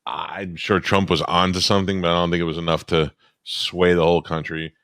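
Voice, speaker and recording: Blunt deep-voiced middle-aged man. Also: little pitch movement, brisk, a bit bright, smooth, no echo, clean studio sound. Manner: blunt, profane, matter-of-fact. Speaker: co-host. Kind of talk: casual talk-show chat.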